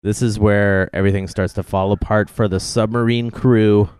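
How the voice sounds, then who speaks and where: A man's voice: fairly low pitch, little pitch movement, normal speed, a little mellow, smooth, no room sound, studio quality. A man co-hosting a film commentary, chatting wryly and packing in trivia. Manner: knowledgeable, wry, trivia-heavy. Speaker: podcast co-host.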